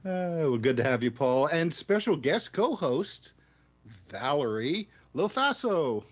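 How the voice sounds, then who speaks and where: A man's voice: a little high, slow. A man hosting a radio talk show over a remote call, introducing it in an announcer-like way. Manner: announcer-like, lively.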